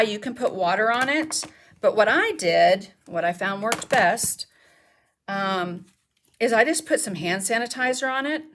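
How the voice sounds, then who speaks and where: A woman's voice: mid-range voice, fairly bright tone, a little hiss or hum. A woman, chatting casually as she demonstrates mixed media art techniques and answers viewers' questions. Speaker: craft instructor. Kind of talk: casual live craft demonstration.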